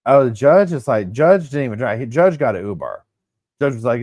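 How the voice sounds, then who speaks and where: A man's voice: mid-range voice, brisk, no room sound. A man hosting a casual livestream, chatting with his viewers. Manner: chatty, animated, talks to viewers as y'all. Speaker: livestream host. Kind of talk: casual live chat with viewers.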